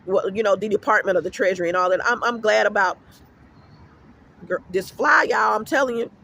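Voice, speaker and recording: High, bright-voiced man ranting outdoors. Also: brisk, creaky. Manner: emphatic, rambling storytelling with cursing. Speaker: vlogger. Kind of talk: casual vlog rant. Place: outdoors at an apartment complex.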